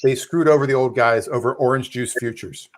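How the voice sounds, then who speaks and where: A man's voice: medium pitch, a little fast, a little hiss or hum. A man at an online movie night, cracking jokes and telling an anecdote. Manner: joking storyteller. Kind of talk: casual group chat.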